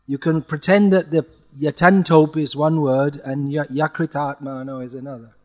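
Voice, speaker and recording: A man's voice: a little high, fairly even intonation. Man coaching Sanskrit verse chanting. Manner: corrective, patient, demonstrates by slow chanting. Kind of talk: one-on-one chanting lesson.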